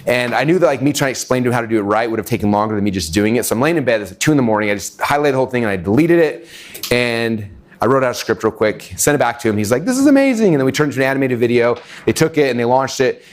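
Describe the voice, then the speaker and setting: A middle-aged man tells a story in a quick, rushed flow to a room full of listeners. He talks in a casual, animated way, full of fillers, and now and then acts out what other people said. His voice sits at an ordinary male pitch. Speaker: webinar speaker. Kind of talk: energetic storytelling talk.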